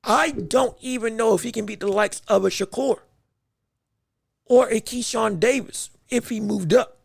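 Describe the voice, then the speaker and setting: Gravelly-voiced man hosting a boxing stream. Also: sits high, normal speed, no echo, clean studio sound. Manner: animated, stammering restarts, playful. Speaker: podcast host. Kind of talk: casual livestream commentary.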